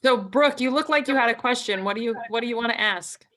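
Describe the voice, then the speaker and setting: A woman's voice: on the high side, quick pace, fairly bright tone. A woman hosting a networking video call, friendly and teasing, moving the talk along. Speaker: meetup host.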